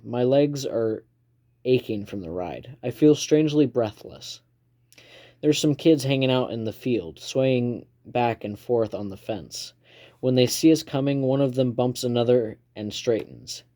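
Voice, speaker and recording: A man reading a first-person novel aloud in a calm, measured storytelling manner. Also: mid-range voice. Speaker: reader.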